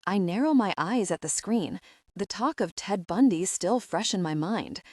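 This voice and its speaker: A woman narrating a first-person romance audiobook in a wry, expressive way. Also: mid-range voice, normal speed, no echo, clean studio sound.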